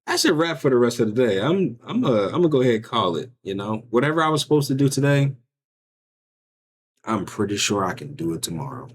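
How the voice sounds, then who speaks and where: A man's voice: mid-range voice, sing-song, brisk, breathy edge. A man giving loose, joking, slang-heavy commentary on video clips, often acting out what bystanders might be thinking. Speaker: reaction streamer. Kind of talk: casual commentary reacting to clips.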